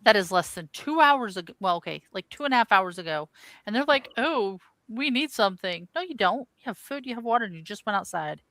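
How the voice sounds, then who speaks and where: A woman's voice: medium pitch, lively intonation, fast, pushed and bright, no room sound. A woman playing a tabletop game, chatting in a tired, exasperated way. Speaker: player. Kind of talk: casual play at the table.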